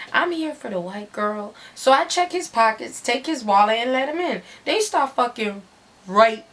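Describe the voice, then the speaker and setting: A woman's voice: mid-range voice, fairly bright tone. A woman giving a dramatic story reading in a brash, profane, slangy way.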